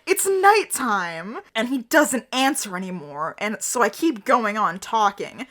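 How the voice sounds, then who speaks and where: A woman co-host reads fan fiction aloud with giggly, over-the-top drama. Her voice is bright and slightly high. She often breaks into laughter between lines. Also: very animated, a little slow, few pauses. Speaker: podcast co-host.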